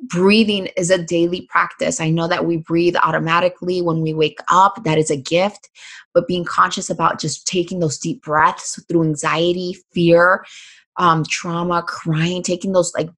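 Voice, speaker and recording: A woman's voice: lowish voice, moderate pace. A woman speaking as a podcast guest in casual conversation, emphatic and upbeat, swearing freely. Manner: lively, varies between calm and excited.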